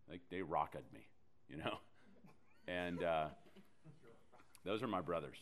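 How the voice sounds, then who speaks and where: A low-pitched man preaching from the pulpit, telling a personal story. His delivery is animated, with self-deprecating humor. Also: slow, pauses often, a little hiss or hum. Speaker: pastor. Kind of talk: sermon storytelling.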